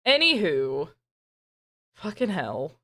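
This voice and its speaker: Woman dm on a stream, slow easygoing talk, swears a lot and laughs at herself. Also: fairly low pitch, huge pitch swings, fairly bright tone. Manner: self-deprecating, swears a lot, laughs often. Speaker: game master. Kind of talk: casual chat opening a tabletop game stream.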